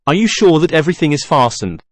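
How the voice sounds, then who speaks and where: A man reading the part of an anxious young woman who speaks slowly and gently. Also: fairly high pitch, sing-song, no room sound, clean studio sound. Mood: worried.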